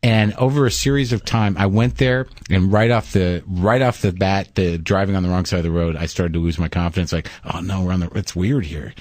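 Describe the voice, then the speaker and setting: A man hosting a talk podcast, telling a long story in a casual, animated way and acting out the people in it. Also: low-pitched, brisk, hardly any pauses, dry recording. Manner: animated storyteller, acts out quoted voices. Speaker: podcast host.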